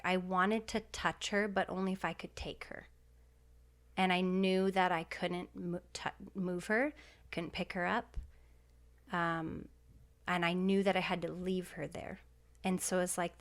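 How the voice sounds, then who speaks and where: A podcast guest in her thirties shares a personal story, heartfelt and emotional, with many fillers along the way. Her voice is fairly low in pitch.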